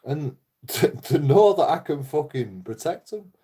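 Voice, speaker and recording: A man's voice: fairly high pitch, lively intonation, unhurried, dark tone, breathy edge. A man talking in a casual, rambling monologue, blunt and full of swearing, often laughing. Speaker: YouTuber.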